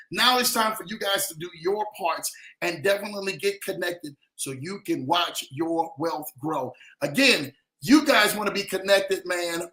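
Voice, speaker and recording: Hyped high-voiced male livestream host. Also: sharp tone. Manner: hyped, repeats phrases, calls out viewers. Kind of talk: upbeat livestream talk. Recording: roomy echo.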